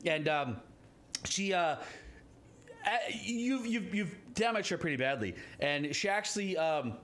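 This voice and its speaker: A man's voice: high-pitched, lively intonation, unhurried, fairly bright tone. A man running a tabletop game as game master, talking with many fillers and restarts.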